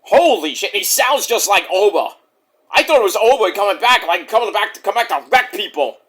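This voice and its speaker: A man recapping a wrestling show in a casual vlog, excitable, rambling and profane. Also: sits high, fairly quick.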